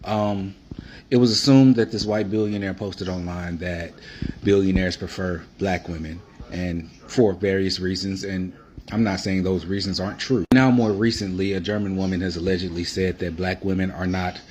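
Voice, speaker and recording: A man's voice: sits low, steady tone, normal speed, a little mellow. A man giving casual, slangy social media commentary.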